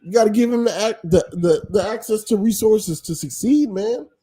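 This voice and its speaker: A man's voice: sits high, moderate pace, dark tone. A man hosting a livestream, giving opinionated casual sports commentary that rambles with frequent ums. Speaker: livestream host.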